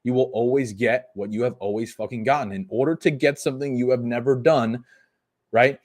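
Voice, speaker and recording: Young guy coaching on a live podcast, swears a ton, fired up, mid-pitch voice. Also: darkish tone. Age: 20s. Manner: profane, emphatic motivational ranting. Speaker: fitness coach.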